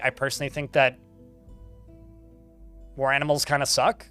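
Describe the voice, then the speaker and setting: A man's voice: mid-range voice, steady tone, moderate pace, pauses often, sharp tone, faint music behind. A man giving casual, chatty commentary while playing a game, laughing often and swearing offhand.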